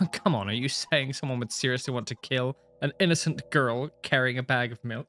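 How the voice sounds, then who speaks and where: A man's voice: mid-range voice, moderate pace, fairly bright tone. A young man reading a visual novel aloud and reacting to it, with casual talk, frequent swearing and laughs between lines. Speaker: gaming streamer.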